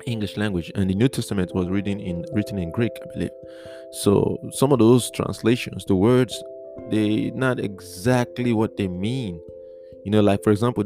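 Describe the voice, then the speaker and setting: Low-voiced man teaching over guitar. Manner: earnest, repetitive, spells out words letter by letter. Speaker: Bible teacher. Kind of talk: podcast Bible teaching.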